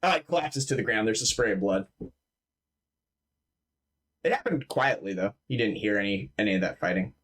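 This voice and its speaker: A man's voice: on the low side, expressive, normal speed, long pauses, fairly bright tone. A man running a tabletop game as game master, narrating in a loose, casual way, laughing, swearing freely and filling his talk with "like" over an online voice chat mic.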